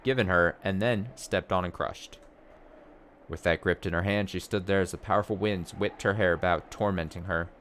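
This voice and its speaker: Low-voiced man reading a game aloud. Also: steady tone, moderate pace, a bit bright, a little hiss or hum. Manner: reads narration, then breaks off to react and joke. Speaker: let's play streamer.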